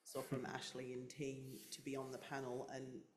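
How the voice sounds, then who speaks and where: A man's voice: medium pitch, completely flat delivery, normal speed. A man on a panel giving plainspoken, grateful closing remarks. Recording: echoey room with faint noise.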